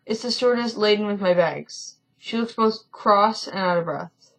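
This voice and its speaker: A woman's voice: medium pitch, normal speed, rough recording. A woman reading a story game aloud in a casual let's-play, often stumbling and correcting herself, with chatty asides.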